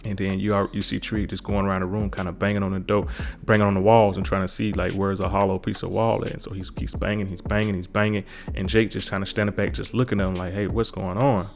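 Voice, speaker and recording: Fast-talking gravelly man recapping a show. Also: low-pitched, level tone, faint music behind. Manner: rambling, repeats words and hedges with kinda. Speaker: TV episode recapper. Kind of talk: casual spoken recap.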